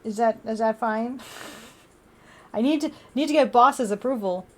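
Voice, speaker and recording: A woman's voice: on the high side, unhurried. A young woman livestreaming, chatting with viewers and talking baby talk to her cat. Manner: playful baby talk to a pet. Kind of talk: casual chat with chat and her cat.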